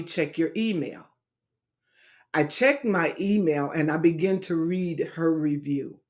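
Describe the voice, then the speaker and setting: A woman's voice: low-pitched, a little mellow. A woman hosting a talk show, speaking to her audience in a heartfelt, preacherly way about healing and her book. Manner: slow, preacherly, addresses listeners as baby and saints. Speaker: talk show host and author.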